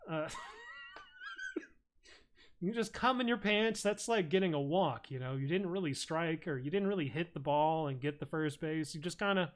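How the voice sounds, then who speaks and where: A man's voice: fairly high pitch, normal speed. A man streaming, telling a rambling, crude and absurd comic story full of swearing. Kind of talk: casual comedic rant.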